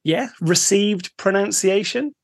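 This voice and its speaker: A man's voice: high voice, slow, gravelly. A man co-hosting a podcast, chatting casually, steering the talk and asking the questions. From United Kingdom. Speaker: podcast co-host.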